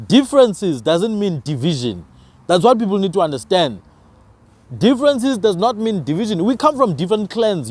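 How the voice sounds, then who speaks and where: Man, slightly high voice, animated and preachy, podcast talker. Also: no echo. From South Africa. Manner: emphatic, preachy, rhetorical questions. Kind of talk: passionate conversational argument.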